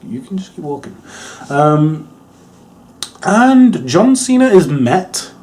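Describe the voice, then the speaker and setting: A man's voice: fairly high pitch, sing-song, slow, darkish tone. A young English man with an English accent giving a rambling, casual wrestling review, laughing often and swearing freely. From England.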